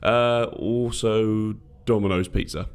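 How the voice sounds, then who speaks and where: A man's voice: lowish voice, steady tone, slow, a little hiss or hum. A man co-hosting a podcast, telling a rambling story in casual chat with many restarts. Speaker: podcast co-host.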